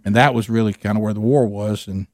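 A man telling an animated story with lots of restarts, chatting casually as co-host. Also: fairly low pitch, fast talker, no room sound, clean studio sound. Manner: animated storyteller, many restarts, imitates others.

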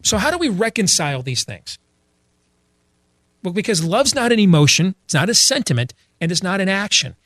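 A man's voice: high voice, very animated, moderate pace, fairly bright tone, no room sound. Blunt, emphatic man with a dry sound. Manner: blunt, emphatic, repeats and restarts often. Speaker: speaker addressing an audience. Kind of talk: opinionated religious commentary.

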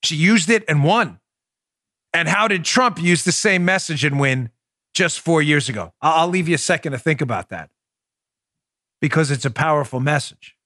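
A man's voice: fairly high pitch, animated, moderate pace, pushed and bright, no echo, clean studio sound. A man hosting a political podcast, talking in a sarcastic, incredulous and emphatic way to his listeners and his co-host. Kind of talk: opinionated podcast monologue.

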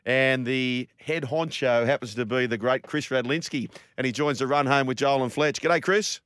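This is a man with a mid-pitched voice who hosts in an upbeat radio manner, bringing in guests and asking them questions. His sound is dry and close. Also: moderate pace, a bit bright, smooth, no echo. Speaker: radio host. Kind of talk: radio hosting.

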